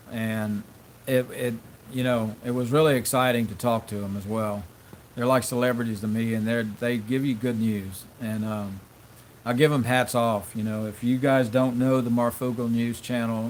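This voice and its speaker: A man's voice: medium pitch, slight background noise. A man hosting a casual livestream, reading viewer comments aloud and thanking them in a rambling, friendly way. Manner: friendly, rambling, frequent fillers and restarts. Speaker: livestream host.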